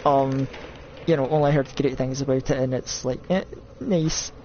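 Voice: medium pitch, flat delivery, moderate pace, warm tone, slight background noise. Scottish streamer rambling over a horror game, jumpy and self-mocking, bit muffled lo-fi mic. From Scotland. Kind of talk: live gameplay commentary.

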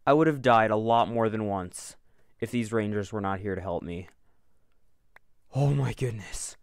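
A man giving let's-play commentary on a video game, swinging from panicked yelling to calm, unhurried remarks. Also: lowish voice, clear, resonant tone, dry recording, studio quality. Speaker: gaming video creator.

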